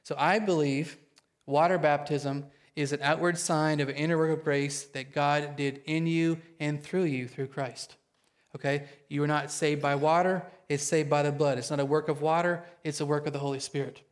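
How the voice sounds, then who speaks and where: A man preaching a sermon to his congregation, excitable and quick, often checking in with them. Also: a little high. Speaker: pastor.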